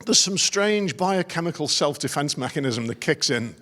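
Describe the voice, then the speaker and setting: A man's voice: a little high, expressive, moderate pace, sharp tone. A middle-aged man doing a stand-up routine as an after-dinner comedian, telling wry, self-deprecating stories. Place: large conference dinner hall. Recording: long reverb of a large hall.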